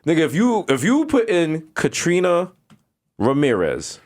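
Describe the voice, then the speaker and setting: Lively New man riffing. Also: fairly high pitch, measured pace. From the Bronx, New York. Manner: animated storytelling, mocking riffs. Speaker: podcast co-host. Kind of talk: casual chat.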